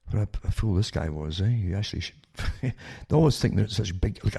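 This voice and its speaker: A man's voice: lowish voice, animated, fairly quick, creaky, dark tone, husky. An older man hosting a talk radio show, rambling with many restarts and sarcastic asides that end in "eh?".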